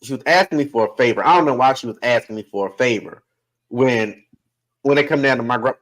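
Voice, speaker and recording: A man, a podcast guest, telling a family story in a casual, animated way, laughing often and acting out other people's voices. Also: medium pitch, fast talker, poor audio.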